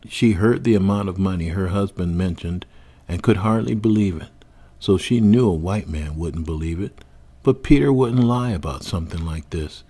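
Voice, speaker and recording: Male storyteller, grave and measured, husky, dark-toned. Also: low-pitched. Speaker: author and narrator. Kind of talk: scripted audiobook narration.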